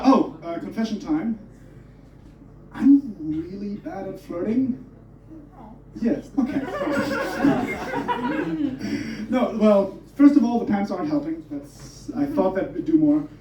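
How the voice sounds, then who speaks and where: A young man from Germany doing a stand-up comedy set, animated and self-interrupting as he jokes. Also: high voice, slow, pauses often, slight background noise. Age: young adult. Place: comedy club stage. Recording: roomy, muffled club audio from a distance.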